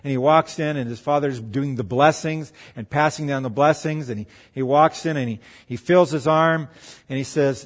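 A man's voice: medium pitch, a little fast. Man preaching in a reverberant hall. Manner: animated retelling with acted-out voices. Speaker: pastor. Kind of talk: sermon storytelling.

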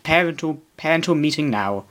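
A man voicing a bad-tempered middle-aged uncle who blusters and shouts. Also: fairly high pitch, animated, brisk, voice pushed up. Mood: blustering.

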